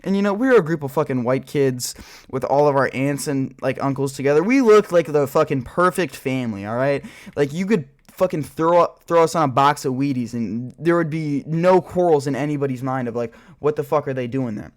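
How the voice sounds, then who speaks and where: A man's voice: mid-range voice, expressive, fairly quick. A young man telling a rambling, profane childhood story in a casual vlog while gaming, full of filler words. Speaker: storyteller vlogger.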